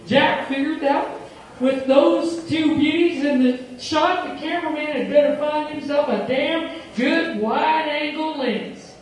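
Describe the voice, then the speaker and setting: Woman storyteller, high voice, amused reading, very echoey room, far from mic. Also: a little slow, slight background noise. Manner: amused narration, often breaking into laughter. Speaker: reader. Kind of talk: storytelling narration.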